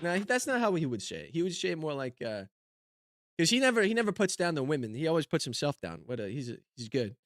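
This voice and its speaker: A male comedian working through viewer-submitted card decks, muttering and rambling to himself as he goes. His voice sits slightly high and sounds dry and close. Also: big pitch swings, quick pace, a bit bright, no echo. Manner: rambling, talks to himself while scanning cards. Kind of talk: casual comedic commentary.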